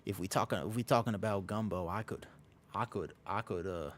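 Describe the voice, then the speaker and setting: A homey Southern gentleman, put on by a male streamer drawls slowly in a Southern US accent, stalling and restarting. The voice sits low. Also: slight background noise, close to an everyday voice. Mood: drawling. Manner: slow, halting drawl with restarts.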